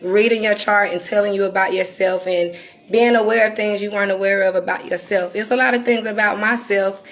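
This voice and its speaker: A woman from North Carolina with a Southern accent and a raspy, croaky voice, talking candidly and deliberately to viewers on a live stream. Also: medium pitch, steady tone. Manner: reflective and candid, slowed deliberate delivery. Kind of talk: casual live-stream talk.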